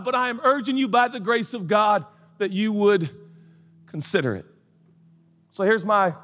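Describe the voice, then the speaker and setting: A man preaching a sermon as pastor, dropping low and quiet, then building to loud shouts. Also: big-room sound.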